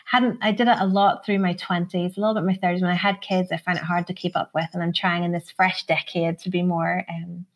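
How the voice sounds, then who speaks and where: A woman in her forties from Belfast with a Northern Irish accent, a singer-songwriter talking in a casual podcast interview, reflective and quick to laugh. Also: fairly low pitch, level tone, lo-fi sound. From Northern Ireland. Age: 40s. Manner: warm, reflective, laughs often.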